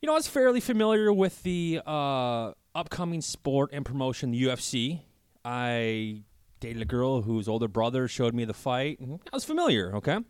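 A man hosts a podcast in a small dedicated room at his workplace, talking loosely and swearing freely. He rambles through stories, acting out both sides of each exchange in an ordinary middle-pitched voice. The sound is close and dry. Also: big pitch swings, moderate pace, clear, resonant tone, dry recording. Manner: rambling storyteller who acts out both sides of conversations; loose and profane, with many fillers. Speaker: podcast host. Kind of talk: casual podcast chat.

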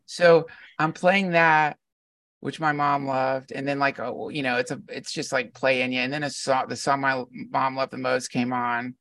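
Man, middle-aged, gravelly voice, meandering reflective storytelling, sits back from the mic, dry sound. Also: medium pitch, little pitch movement, moderate pace, a bit bright, no room sound, recorded from a distance. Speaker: podcast guest. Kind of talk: casual conversation.

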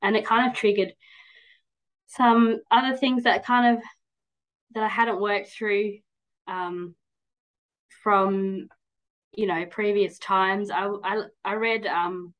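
A podcast guest in her 30s chats in a casual interview, her mid-range voice steady, slow and often pausing. The audio is poor, and she speaks candidly and at length, rambling with many "um"s and "like"s.

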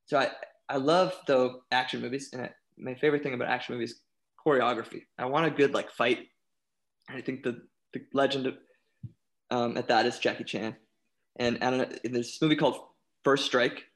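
A man chatting casually on a podcast, animated, often restarting his sentences and laughing. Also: medium pitch, brisk. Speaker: panelist.

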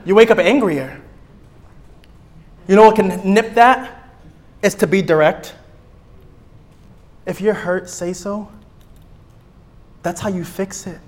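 A young man, a therapist teaching a church group in a lively, playful way, acting out little scenes and repeating his key points. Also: high-pitched.

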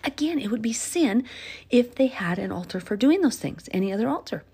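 A woman teaching a casual Bible study on a phone, chatty and quick to laugh, growing animated when she stresses a point. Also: a little high, husky.

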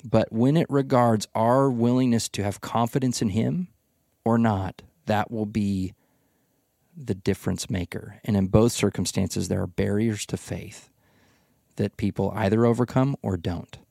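A man hosting a podcast Bible study, telling the story with lively acted-out quotes. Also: fairly low pitch, measured pace, vocal fry, dry recording, clean studio sound. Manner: animated storytelling, acts out voices in quotes. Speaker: podcast host. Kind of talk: casual Bible study discussion.

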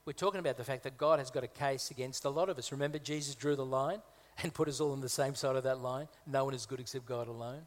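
A man from Malta, preaching as a guest, talks fast with few pauses in a mid-range, steady voice. His conversational sermon in a church hall features humorous asides and emphatic repetition, recorded with heavy reverb.

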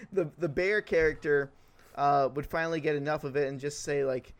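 A man's voice: on the high side, expressive, normal speed. A man chatting casually, rambling through a comic story with lots of fillers and laughter. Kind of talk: casual comedic chat.

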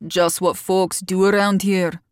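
A woman voicing a gruff, taciturn local man who speaks gently but in clipped, terse phrases. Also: lowish voice, flat delivery, a little slow, dry recording, studio quality, close to an everyday voice. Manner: terse, clipped dialect speech.

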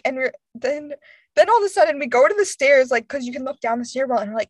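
A woman in her twenties tells a story in casual conversation, speaking quickly in a high pitch on a dry recording. She's animated, imitating her friends' voices and laughing often.

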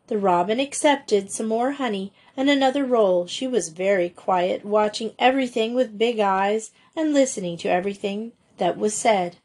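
This woman reads a school story aloud at a measured pace. Her voice sits at a middling pitch, even and unhurried. She sounds like a storybook audiobook narration. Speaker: audiobook reader.

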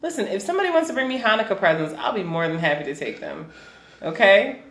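Lively laughing woman, roomy echo. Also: medium pitch, quick pace. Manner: animated, laughs often, trails off mid-sentence. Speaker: podcast co-host. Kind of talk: casual chat.

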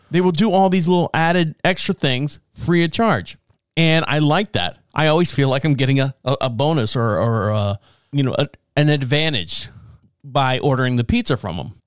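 A man's voice: fairly high pitch, clean tone, no room sound. Rambling, joking man on a dry podcast mic. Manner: rambling, self-mocking, swears and laughs often. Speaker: podcast host. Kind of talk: casual monologue. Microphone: podcast mic, also filmed.

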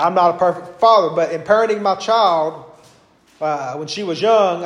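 A man with a high-pitched voice leads a Bible class, talking conversationally and pausing to search for words. He works through homely stories. The room is echoey around him. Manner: conversational, with homely anecdotes and hesitations.

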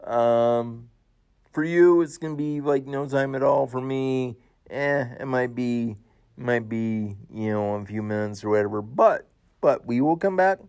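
A man hosting his show, giving an emotional personal tribute, halting with many fillers and restarts, his voice rising as he gets choked up. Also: medium pitch, a little mellow, clear, resonant tone. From United States. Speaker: show host.

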